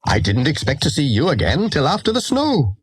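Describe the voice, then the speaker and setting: A man's voice: a little high, wildly swooping pitch, fairly quick, husky, no echo, voice pushed up, exaggerated voice. A man voicing a jovial, teasing station master. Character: jolly adult male station master.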